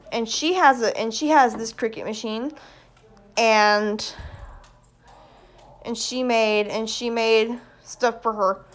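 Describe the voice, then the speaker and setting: A woman, vlogging casually at home and excitedly showing things off to her phone camera. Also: fairly high pitch. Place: indoors at home.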